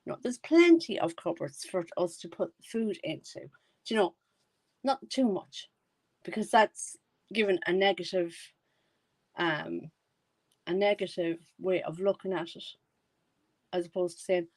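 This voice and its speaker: A woman's voice: on the low side, a little slow, pauses often, a little mellow, no echo. A woman hosting a live stream. She comments casually, rambles and corrects herself as she goes. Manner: rambling, self-correcting, chatty. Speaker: live-stream reaction host.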